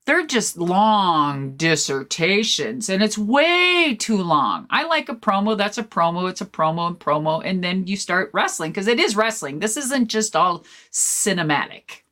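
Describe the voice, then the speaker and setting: A woman guest-hosting a podcast, telling stories in a rambling, animated way with lots of fillers and swearing. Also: mid-range voice, unhurried, few pauses. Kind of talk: casual storytelling chat.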